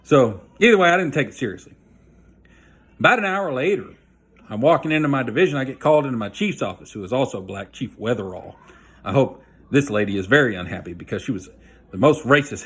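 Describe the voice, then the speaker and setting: A man's voice: medium pitch, expressive, brisk, a bit bright, breathy edge. A man telling a personal story in a blunt, folksy way, using slang and frequent "you know" asides. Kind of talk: casual storytelling monologue.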